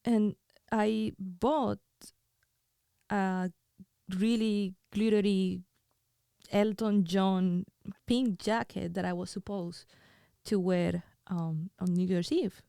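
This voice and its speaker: A woman tells a personal story in a soft, halting manner, often stumbling over and repeating words. Her voice is mellow and warm. The recording is dry, with no room echo. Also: medium pitch, fairly even intonation, creaky, clean tone. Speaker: podcast host.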